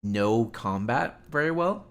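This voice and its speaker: A man's voice: mid-range voice, animated, slow. A man chatting casually on a live stream, rambling and exasperated, with lots of "like" fillers as he tells stories and reacts.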